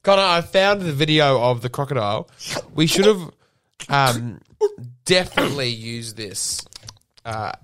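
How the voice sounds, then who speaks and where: Man, young adult, podcast co-host, lively, bantering. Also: mid-range voice, measured pace. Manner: joking banter, laughing often. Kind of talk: casual chat.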